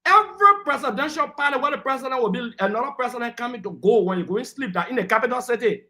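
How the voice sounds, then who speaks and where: Guy on a political panel, kinda high voice, arguing hard and talking over folks. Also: lively intonation, quick pace, sharp tone. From Liberia. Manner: combative, lecturing, talks over interruptions. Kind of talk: heated political debate.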